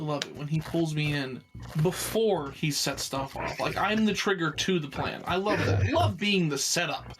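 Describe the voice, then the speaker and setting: A man talking as a player in a tabletop game, halting and full of fillers and restarts. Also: fairly high pitch, a bit bright, a little hiss or hum. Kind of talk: casual tabletop game chat.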